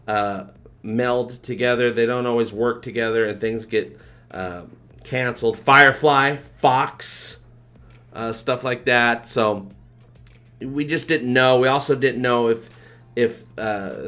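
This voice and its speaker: Man, live-stream host, casual rambling chat, excitable, mid-pitched voice. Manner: excitable and rambling, thanking viewers. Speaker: livestream host.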